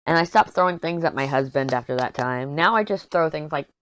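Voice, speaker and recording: A woman's voice: deep voice, expressive, fairly quick, a bit bright. A middle-aged woman vlogger chatting casually and bluntly over a headset mic while she crafts, telling candid stories with lots of asides. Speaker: diamond painting vlogger.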